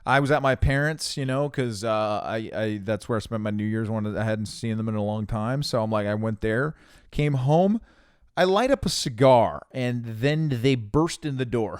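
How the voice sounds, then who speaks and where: A man's voice: mid-range voice, smooth, dry recording, clean studio sound. A young man co-hosting a podcast, telling a rambling story in casual chat, swearing often and restarting his sentences. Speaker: podcast co-host.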